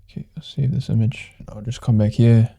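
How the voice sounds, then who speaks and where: A man hosting a casual software tutorial, talking loosely and thinking aloud as he clicks through a demo. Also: mid-range voice, little pitch movement, normal speed, creaky, faint music behind. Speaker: tutorial host. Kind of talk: casual screen-recorded software walkthrough.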